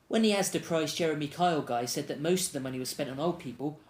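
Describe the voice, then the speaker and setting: A young man delivering a deadpan, rambling comedic monologue as a self-absorbed character. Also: on the high side, fast talker, few pauses.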